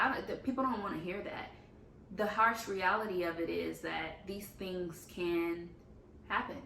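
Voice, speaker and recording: A woman's voice: medium pitch, bright, forceful tone, distant mic, slight background noise. A young woman talking candidly in a casual confessional vlog, often saying "like" as she goes. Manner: candid and talkative, uses 'like' often. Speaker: faith vlogger. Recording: echoey room, faint ambience.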